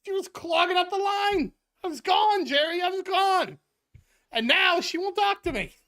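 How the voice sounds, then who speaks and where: A woman's voice: very high voice, expressive, moderate pace, fairly bright tone, pitched above the performer's own voice. A woman voicing a panicky, selfish man from a sitcom who whines defensively and gets exasperated. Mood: panicky whining.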